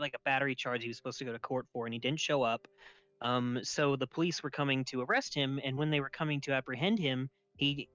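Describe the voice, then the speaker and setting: A man's voice: on the high side, dry recording. Young man telling a swear-heavy story. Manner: animated, laughing, swears freely. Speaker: podcast host. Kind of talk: casual storytelling chat. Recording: dull lo-fi dry sound.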